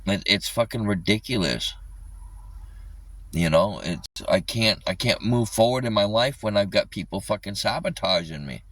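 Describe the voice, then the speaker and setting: Man, livestreamer, furious rant, heavy swearing, bright tense tone, dry sound a bit off the phone mic. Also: on the low side, expressive, normal speed, dry recording, recorded from a distance, low-quality recording. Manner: angry, swearing constantly, repeats himself. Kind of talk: ranting live stream.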